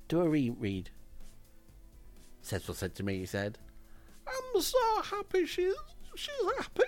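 A man reading a comic diary aloud in a deadpan way, with crude asides. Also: sits low.

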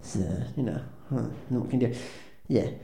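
A man's voice: mid-range voice, normal speed, gravelly, warm tone. A man doing awkward, self-deprecating stand-up patter as a band's frontman, hesitating with lots of ums and restarts. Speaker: comedic frontman of a band. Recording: echoey room with faint ambience.

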